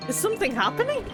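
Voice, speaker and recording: A woman streamer chatting casually over a game, often mocking the characters. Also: very high-pitched. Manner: chatty, laughing, mimics characters. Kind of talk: casual gameplay commentary. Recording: faint game music behind.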